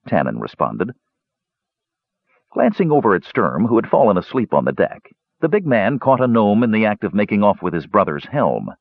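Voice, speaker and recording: A man reading a fantasy audiobook aloud in an expressive storytelling manner. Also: sits low, moderate pace, no room sound, muffled recording. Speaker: audiobook narrator. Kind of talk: audiobook narration.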